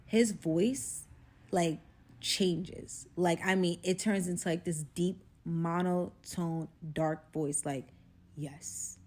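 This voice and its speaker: A woman's voice: lowish voice, steady tone, takes it slowly, darkish tone. A young adult woman recounting a personal story in a casual vlog, rambling and filler-heavy.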